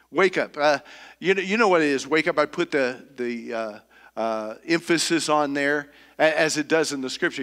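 A middle-aged man preaching a sermon as pastor, earnest and halting, often repeating words as he searches for the next phrase. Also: on the high side, a bit bright. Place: church sanctuary. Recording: long reverb of a church hall.

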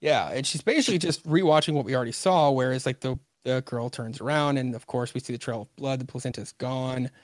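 Man, podcast guest, casual comic chat, acts out character lines, mid pitch, dry sound. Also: a little fast, hardly any pauses, dry recording. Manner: recaps scenes, acting out characters' lines. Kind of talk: casual comic book discussion.

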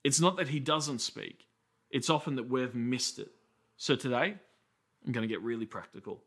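An Australian man in his thirties preaching a sermon as a pastor, telling stories in a conversational way with quick asides. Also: mid-range voice, a bit bright.

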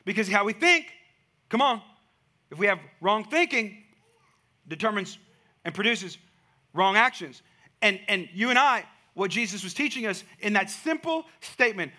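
Bright, high-voiced man preaching. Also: a little fast. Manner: animated storytelling with rising emphatic climaxes. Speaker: pastor. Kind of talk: sermon.

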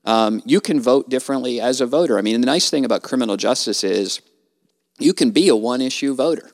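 A man speaks as a guest in a relaxed podcast chat, earnest and emphatic, leaning into his points almost like a preacher. His voice has a gravelly edge. The pitch sits in the middle range. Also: brisk. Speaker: guest, trial lawyer. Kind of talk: casual podcast conversation.

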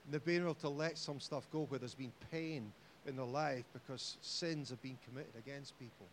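A man with a Scottish accent preaching a sermon in church, jokey and animated, rising to loud exhortation. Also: medium pitch, moderate pace, slight background noise. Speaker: pastor. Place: church hall.

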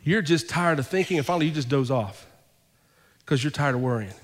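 A male pastor preaching a sermon, telling a personal story and acting out both sides of the conversations, then building to fervent, loud preaching. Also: medium pitch, expressive, a little fast, long reverb tail.

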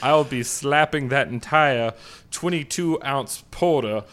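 A man putting on a genteel Southern gentleman voice. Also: medium pitch, takes it slowly, voice pushed up. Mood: mock-genteel. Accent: put-on American Southern. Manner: mock-dignified, drawling, jokey. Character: refined adult male Southern gentleman. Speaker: podcast co-host.

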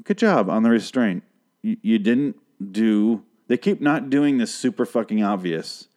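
Lowish-voiced man ranting through a recap. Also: a little slow. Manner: profane, rambling, animated. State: dry voice. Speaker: podcast host recapping a TV show. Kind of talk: casual recap chat. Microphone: podcast microphone.

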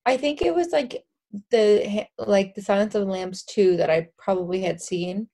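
A woman's voice: mid-range voice, normal speed, mellow. Chatty, rambling woman from the American South. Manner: chatty, rambling, many fillers. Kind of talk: casual film discussion.

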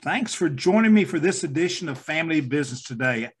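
A middle-aged man hosting an interview podcast, genial and quick to laugh, with some halting restarts. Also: a little high, expressive, slightly rough. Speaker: podcast host.

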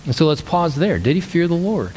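Animated pastor preaching in a reverberant hall. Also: male voice, fairly high pitch, a little fast, slight background noise. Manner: conversational, animated storytelling with many restarts. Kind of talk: sermon.

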